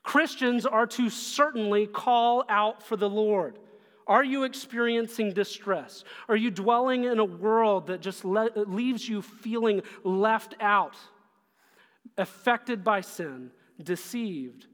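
A man's voice: sits high, slow, a bit bright. A man preaching a sermon as pastor, earnest and pressing his listeners with repeated questions. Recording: long hall reverb.

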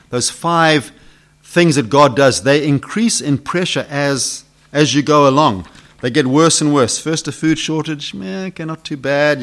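A man preaching a sermon who asks the congregation questions and swings between loud build-ups and hushed lines. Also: mid-range voice.

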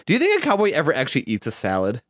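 A man's voice: on the high side, wildly swooping pitch, rapid-fire, no room sound, studio quality. A young man hosting a casual podcast, rambling playfully with many restarts and fillers. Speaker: podcast host. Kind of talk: casual chat.

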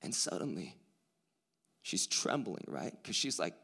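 A male preacher giving a sermon in a large hall with hundreds of people, swinging from a hushed near-whisper to loud excitement, with casual slang. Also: low voice, unhurried, creaky, pauses often, breathy edge.

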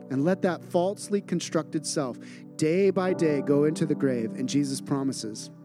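Earnest male pastor over soft music. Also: a little high. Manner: earnest, repeats phrases for emphasis. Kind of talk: sermon. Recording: music playing underneath.

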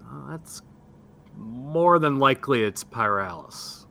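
Bright-voiced, hesitant male player. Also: mid-range voice, expressive, slow pace, gravelly. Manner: casual, hesitant, with fillers. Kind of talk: casual tabletop game chat.

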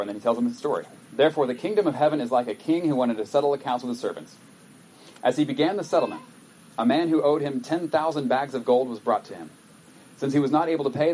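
Male pastor, mid-pitched, chatty sermon delivery with scripture readings, faint hiss behind. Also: darkish tone, low-quality recording. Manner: conversational, reads scripture aloud with acted asides.

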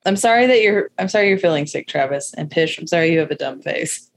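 A woman guesting on a casual podcast, her voice sitting a bit low for a woman. She ribs the others with a dry, teasing humor, with a faint hiss of noise behind her. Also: lively intonation, quick pace. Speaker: guest, stage actor.

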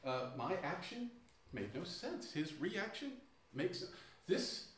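A man telling a funny personal story on stage, self-mocking, with many halting restarts. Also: fairly high pitch, sing-song, fairly bright tone. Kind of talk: live storytelling to an audience. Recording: echoey room, distant mic.

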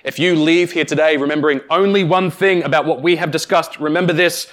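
Emphatic male preacher, slow deliberate pauses. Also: a little high, steady tone, a bit bright. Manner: emphatic, deliberate pauses, direct address to congregation. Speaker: pastor. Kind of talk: sermon.

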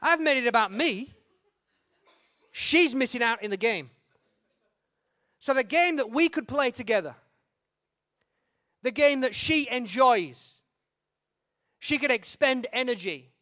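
A young man preaching a humorous sermon, telling a story with lively acted-out quotes and sudden shouts. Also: extremely high pitch, slow, long pauses, no echo, studio quality.

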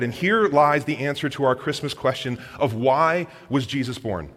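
A pastor preaching a sermon, repeating phrases for emphasis and speaking straight to the congregation in a church hall. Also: male voice, mid-range voice, expressive, moderate pace, few pauses, a bit bright.

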